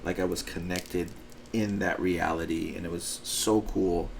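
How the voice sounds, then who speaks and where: A man's voice: low-pitched, steady tone, unhurried, vocal fry, slight background noise. A man chatting on a podcast, agreeable and reflective, often quoting what others said. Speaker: podcast co-host. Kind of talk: casual chat.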